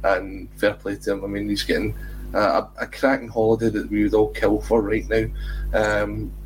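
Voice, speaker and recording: A man's voice: fairly low pitch, little pitch movement, normal speed, a little hiss or hum, poor audio. A Scottish man hosting a football podcast, chatting and joking casually. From Scotland. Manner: chatty, joking, says "um" often. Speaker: podcast host. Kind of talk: casual chat.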